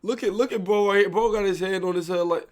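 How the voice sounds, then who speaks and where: A man's voice: sits high, steady tone, fast, echoey room, slight background noise. A man casually reacting to a video, cursing and talking in slang over it.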